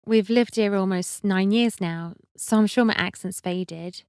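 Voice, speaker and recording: A woman narrating an audiobook, voicing a shy, flustered middle-aged housewife who answers in a quiet, halting way. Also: medium pitch, clean tone, dry recording, clean studio sound, lightly acted.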